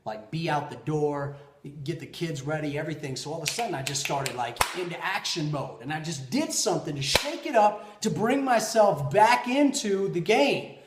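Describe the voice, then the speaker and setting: A man hosting a podcast, telling personal stories in an animated way, swinging between loud bursts and quiet asides. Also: fairly high pitch, normal speed, noisy background. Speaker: podcast host. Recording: roomy echo.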